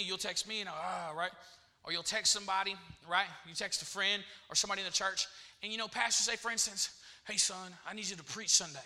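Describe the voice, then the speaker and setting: A man's voice: high-pitched, pushed and bright. A man preaching a sermon in church, repeating phrases and calling out to the congregation.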